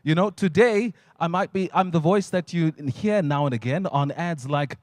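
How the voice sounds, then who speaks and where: A man's voice: fairly high pitch, normal speed, few pauses, a little mellow, no echo, clean studio sound. A South African man working as MC at a live event, chatty and jokey, telling stories and slipping into voices and ad reads. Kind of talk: live event hosting with humorous storytelling. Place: stage at a launch event.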